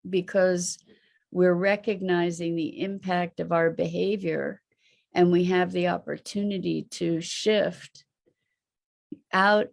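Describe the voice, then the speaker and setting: Slow, musing woman teacher. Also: lowish voice, fairly even intonation, gravelly. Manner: unhurried, musing, with rhetorical questions. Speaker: host and teacher. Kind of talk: reflective live online talk.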